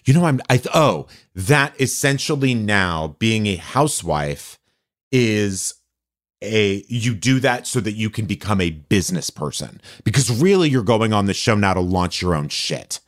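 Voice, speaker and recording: A man co-hosting a podcast, chatting casually and telling gossip with animated storytelling. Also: lowish voice, moderate pace. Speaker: podcast co-host. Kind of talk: casual chat.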